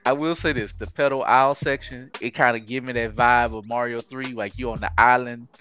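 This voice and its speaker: A man co-hosting a casual podcast chat, animated and slangy. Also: mid-range voice, brisk. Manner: animated, slangy, does playful voices. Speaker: podcast co-host.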